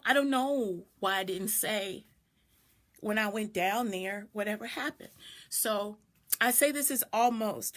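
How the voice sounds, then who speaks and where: A middle-aged woman's voice, a little high and a bit bright, tells a personal story on a live stream. She's a doula and video host, speaking reflectively and greeting viewers mid-story.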